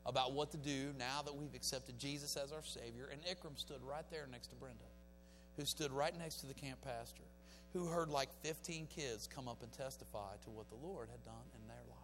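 A man preaching a sermon in a church, swinging between fiery exhortation and quiet, folksy storytelling. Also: medium pitch, normal speed. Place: church sanctuary. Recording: reverberant church hall with faint music.

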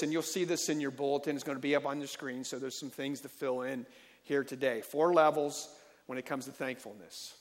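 Emphatic preacher in an echoing church. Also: male voice, mid-range voice, fairly even intonation, fairly quick. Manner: emphatic, calls for amens. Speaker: pastor. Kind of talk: sermon. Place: church sanctuary.

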